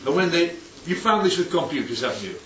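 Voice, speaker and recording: Preaching far from the microphone in an echoey church hall, a man chats with his congregation, peppering them with rhetorical questions while his pitch swings widely. His voice sits on the high side, sing-song, quick and a bit bright. It's a conversational sermon, and the sound is somewhat dull with faint background noise.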